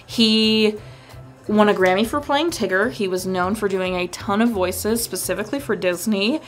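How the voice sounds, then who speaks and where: A woman hosting a film review vlog in a casual, enthusiastic tone, rattling off cast lists and credits in eager bursts. Her voice sits at an ordinary middle pitch for a woman. Faint music plays underneath. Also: moderate pace.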